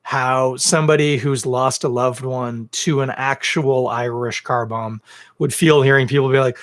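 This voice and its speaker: A man's voice: medium pitch, fairly even intonation, measured pace. A man hosting his own podcast, talking in a casual rant full of ums and uhs, earnest and then blunt. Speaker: podcast host. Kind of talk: casual ranting monologue. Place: home set filmed on two cameras.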